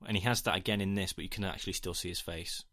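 A man's voice: sits low, steady tone, rapid-fire, sharp tone, dry recording, studio quality. A man co-hosting a casual film review chat, rambling with jokey asides and casual swearing. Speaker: podcast co-host.

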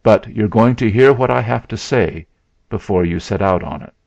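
A man voicing a calm, imposing mountain man who talks low and level in a story reading. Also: normal speed, creaky, no room sound. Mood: grave. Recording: dull lo-fi sound.

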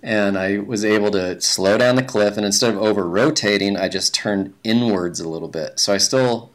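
Low-voiced man telling a ski story. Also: moderate pace. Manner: relaxed, rambling, many fillers and restarts. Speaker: guest, big-mountain skier. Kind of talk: casual interview storytelling.

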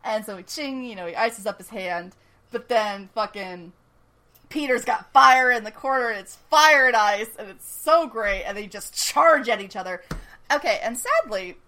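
A woman co-hosting a podcast in casual chat, animated, laughing often and swearing casually. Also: fairly high pitch, moderate pace. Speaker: podcast co-host. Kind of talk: casual chat recapping a TV episode.

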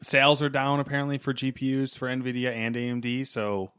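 A man's voice: mid-range voice, fairly even intonation, fairly quick, a bit bright, clean tone. A young man co-hosting a casual gaming podcast, chatty and easygoing, with hesitant fillers. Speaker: podcast co-host. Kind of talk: casual gaming news chat.

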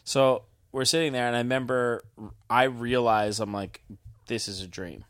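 A man's voice: medium pitch, steady tone, moderate pace, fairly bright tone, clean tone, no room sound, studio quality. A man in casual chat, laid-back, casually swearing as he retells a dream with quoted dialogue.

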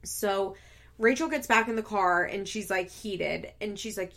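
Chatty woman retelling a story, lots of "like", laughs a lot, super animated. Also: mid-range voice, unhurried. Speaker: show recapper. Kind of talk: casual chatty recap.

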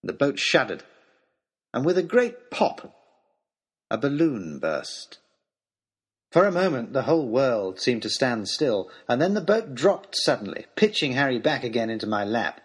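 A man narrating an adventure story in an expressive, dramatic reading style. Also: mid-range voice, a little slow, breathy edge.

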